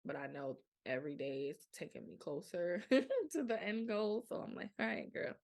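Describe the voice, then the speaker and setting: Podcast host, young woman, low gravelly voice, blunt and animated. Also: normal speed. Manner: frank, animated storytelling with colloquial speech. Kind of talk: candid casual monologue.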